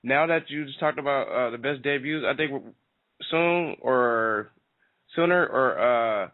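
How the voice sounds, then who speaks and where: A man's voice: mid-range voice, measured pace. A man hosting a wrestling talk show, chatting casually and hesitantly, with many fillers and some slang. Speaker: radio show host. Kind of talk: casual interview chat. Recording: tinny phone-like sound.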